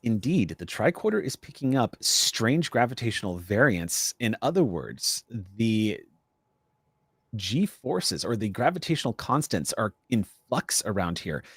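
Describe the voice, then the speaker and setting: A man running a tabletop role-playing game as game master, narrating in a measured, descriptive way. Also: on the low side, very animated, a bit bright, slightly rough, no echo, studio quality.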